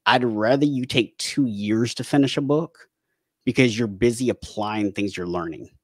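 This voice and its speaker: A man speaking as a podcast guest and habit coach, talking casually with animated bursts and frequent restarts, sometimes acting out his own panicked thoughts. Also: medium pitch, normal speed, no echo, studio quality. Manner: animated storytelling, acting out panicked inner voices; frequent restarts and repeated words. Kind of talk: casual conversational interview.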